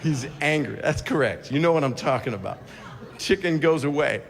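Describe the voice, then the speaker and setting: A middle-aged comic performs crude, wandering stand-up in a slightly high, expressive, creaky voice at normal speed. Constant self-interrupting asides fill the set, recorded in an echoey hall with crowd sounds.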